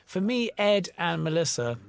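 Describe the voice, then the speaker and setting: A man's voice: high voice, sing-song, normal speed, gravelly, clear, resonant tone. A man from the United Kingdom talking through a film commentary in a loose, conversational way with many fillers. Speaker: film director.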